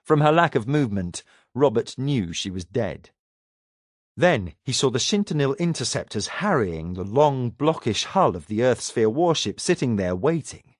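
An audiobook narrator reads scripted science fiction narration in a dramatic, expressive way. His voice is medium-pitched and his pace moderate, captured in a dry, studio-quality recording.

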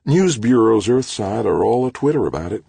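A man's voice: fairly low pitch, sing-song, moderate pace, vocal fry, husky, no room sound, pitched above the performer's own voice, full character voice. A man voicing a cheerful, chatty young woman who coordinates the news media. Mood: bubbly. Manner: bright and chatty.

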